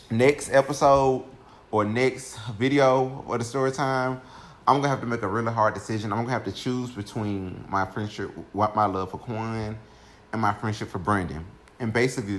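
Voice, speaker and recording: A young man telling a personal story to his viewers in a casual, animated way, speaking straight to his audience. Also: lowish voice, normal speed, slight background noise. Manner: animated, keeps addressing listeners directly. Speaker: storytime vlogger.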